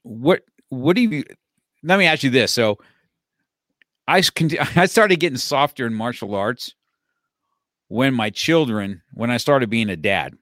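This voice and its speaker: A middle-aged man talks loosely about his martial arts school, circling back and restarting his sentences and laughing often. His voice sits at an ordinary pitch. The sound is close and dry, with no room echo. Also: expressive, measured pace, long pauses, a bit bright. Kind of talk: casual conversation. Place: his office.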